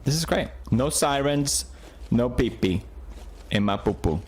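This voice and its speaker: A man in his thirties playing a horror game on video, joking along and jumping into high yelps whenever he gets scared. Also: lively intonation, unhurried, slightly rough. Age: 30s. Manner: jumpy, jokey, bursts into high yelps when scared. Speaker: gaming video host. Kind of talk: horror game play commentary.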